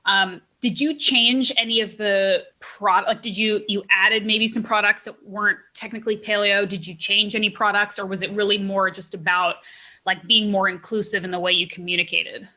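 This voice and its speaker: A woman's voice: medium pitch, fairly even intonation, normal speed, sharp tone. A woman hosting a podcast, chatting casually and upbeat with plenty of fillers. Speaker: podcast host.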